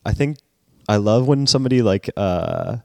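A man co-hosting a podcast in casual chat, joking with a dry, deadpan delivery. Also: on the low side, moderate pace, creaky, no echo. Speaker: podcast co-host.

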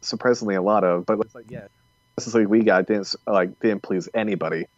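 Sarcastic low-voiced man on a lo-fi mic. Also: steady tone, fast talker, dry recording. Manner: rambling and sarcastic, many fillers. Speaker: podcast co-host. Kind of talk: casual podcast chat. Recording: dull lo-fi dry mic.

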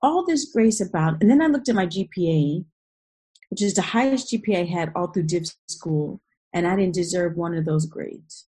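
Husky-voiced woman telling a heartfelt story. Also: lowish voice, moderate pace, mellow, rough recording. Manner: earnest, emotional, with restarts and vivid retellings.

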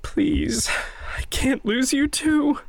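A woman's voice: fairly high pitch, wildly swooping pitch, measured pace, heavy background noise. A woman voicing an anxious, guilt-ridden young male vampire in an audio drama, stammering and pleading. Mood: panicked.

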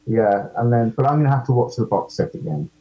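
A man's voice: medium pitch, lively intonation, quick pace, muffled recording. A man, an actor guest, chatting casually in an interview, self-deprecating and full of ums.

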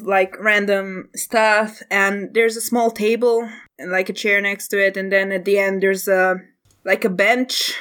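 A woman's voice: on the high side, fairly bright tone. A woman acting as game master of a tabletop game, narrating in a casual, chatty way with frequent hesitations.

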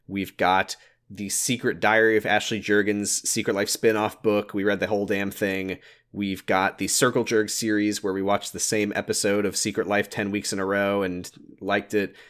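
A man with a fairly low voice closes out a podcast episode in loose, casual chat. He jokes, drops fillers and the odd swear along the way. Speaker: podcast host.

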